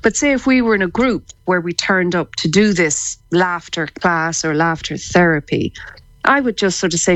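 An Irish woman speaks as a radio guest, explaining her work in a relaxed, chatty way. Her voice sits a touch low and she laughs easily, often restarting her sentences. The sound is dry and close. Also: normal speed, no echo. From Ireland. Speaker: psychotherapist and laughter therapist guest. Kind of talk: casual radio interview.

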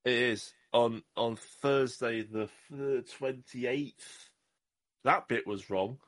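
A man's voice: medium pitch, steady tone, takes it slowly. A man hosting a casual podcast, joking at his own expense and rambling between topics. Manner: jokey, self-deprecating, rambling. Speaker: podcast host.

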